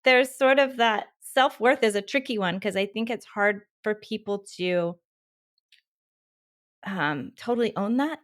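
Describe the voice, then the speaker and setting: A woman's voice: medium pitch, unhurried, no echo, clean studio sound. A woman co-hosting a podcast, asking rambling, enthusiastic questions and laughing often over a video call. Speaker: podcast co-host. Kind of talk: casual interview.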